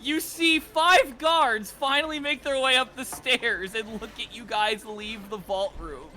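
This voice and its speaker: A man's voice: very high-pitched, fairly even intonation, measured pace, noisy background. A man running a tabletop game as game master, laughing often and swearing casually as he makes rulings.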